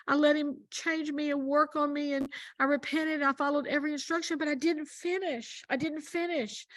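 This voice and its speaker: A woman voicing a tearful woman in a dream story, speaking soft and pleading. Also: high voice, fairly even intonation, moderate pace, voice pushed up, natural voice. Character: tearful woman worried she failed her tasks.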